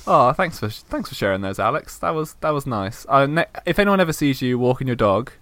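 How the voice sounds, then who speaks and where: A young podcast host chats casually, playfully teasing his guest and laughing readily. His mid-range voice is animated and a bit bright.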